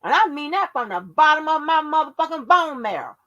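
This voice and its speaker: A woman's voice: high voice, very animated, a little fast, bright, forceful tone, highs cut off. A woman hosting her own channel, delivering a profane, confrontational rant that scolds her viewers. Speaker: channel host.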